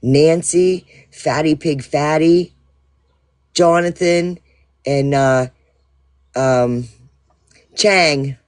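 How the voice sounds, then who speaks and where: A man's voice: on the high side, drawn-out words, pauses often. A man telling a rambling, profane story to his livestream audience in a casual way, full of fillers and restarts. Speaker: livestream host.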